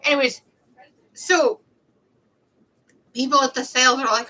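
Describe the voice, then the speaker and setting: Young woman streamer, chatty and snarky, bright tone, slightly high voice. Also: slow pace, pauses often, low-quality recording. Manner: chatty, rambling, snarky storyteller. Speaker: livestreamer. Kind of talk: casual livestream chat.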